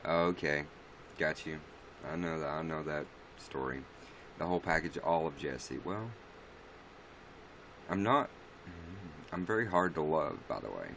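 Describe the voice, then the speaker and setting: Low-voiced, blunt, profane male livestreamer. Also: expressive, unhurried, vocal fry, pauses often, fairly bright tone, a little hiss or hum. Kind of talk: casual livestream chat, answering viewer comments.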